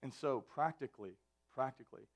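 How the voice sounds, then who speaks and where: A man's voice: medium pitch, expressive, a little fast, creaky. A young man preaching a live sermon to students, in a conversational way with self-interruptions and joking asides. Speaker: student ministry pastor. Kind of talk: sermon to youth, anecdotal. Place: church venue, live service.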